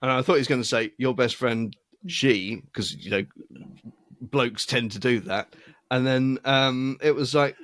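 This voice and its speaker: A man's voice: mid-range voice, normal speed, fairly bright tone. A man co-hosting a podcast, telling a rambling story with a dry, self-amused tone. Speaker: podcast co-host. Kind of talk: casual chat.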